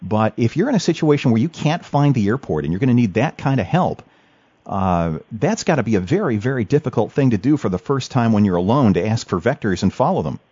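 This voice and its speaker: A man's voice: mid-range voice, sing-song, a little fast, dark tone, breathy edge, no room sound. A man hosting an interview who talks hesitantly, with many fillers and restarts. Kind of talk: casual interview chat. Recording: dull lo-fi recording.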